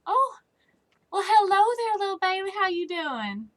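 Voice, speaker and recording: A woman's voice: very high-pitched, big pitch swings, moderate pace, pitched above the performer's own voice. A woman voicing a friendly neighbor lady who chats from her car window, lifting her voice into a sugary tone. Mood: sweet, chatty.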